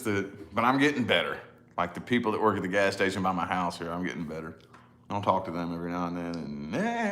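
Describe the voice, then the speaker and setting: A man's voice: fairly low pitch, a bit bright. A man in his thirties chatting casually to camera, rambling and laughing at himself, with lots of "you know?". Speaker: vlogger, father.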